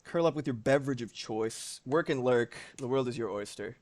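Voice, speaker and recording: While sketching on a live stream, a man with a mid-range voice chats casually and with lots of energy. He swears without restraint and makes quick asides along the way.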